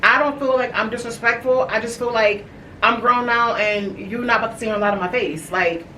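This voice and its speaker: A woman in her thirties hosting a podcast, telling a personal family story in a candid, halting way with many fillers and restarts. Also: a little high, distant mic. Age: 30s. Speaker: podcast host. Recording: echoey room, voice from off-mic, faint hiss.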